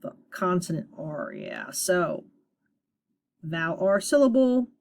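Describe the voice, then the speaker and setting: A woman teacher giving a recorded phonics lesson to young students, upbeat and sounding out each sound deliberately. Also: fairly low pitch, lively intonation, a little mellow.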